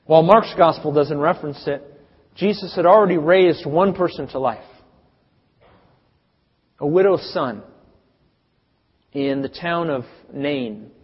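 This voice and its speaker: A man preaching a sermon, telling the story dramatically with big swings in loudness. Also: a little high, measured pace, long pauses, husky. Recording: dull sound with long reverb.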